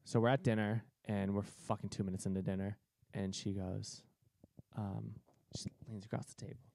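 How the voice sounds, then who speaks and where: A man in his twenties from Cape Cod, telling a story in a profane, animated way that is full of laughs. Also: on the low side, moderate pace, creaky. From Cape Cod, Massachusetts. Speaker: podcast co-host. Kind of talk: casual storytelling.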